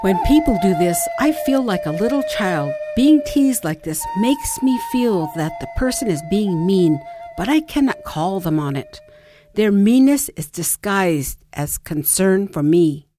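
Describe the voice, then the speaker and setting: A woman's voice: mid-range voice, expressive, measured pace, music in the background. A middle-aged woman reads a personal story aloud in a reflective way and acts out the people she quotes. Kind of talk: personal essay reading.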